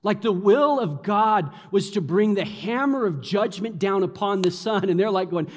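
High-voiced preacher in a reverberant hall. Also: male voice, normal speed, few pauses. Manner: animated, acts out the mockers' taunts. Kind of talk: sermon.

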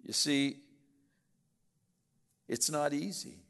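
A man's voice: on the high side, extremely slow, gravelly, a bit bright. A male pastor preaching a sermon, earnest and speaking directly to his congregation. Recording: echoey church hall.

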